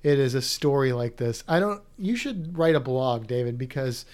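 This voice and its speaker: A man's voice: mid-range voice, lively intonation, moderate pace, darkish tone. A man co-hosting a podcast in casual chat, rambling and restarting his sentences as he reads listener comments. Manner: chatty, rambling with many restarts. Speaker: podcast co-host.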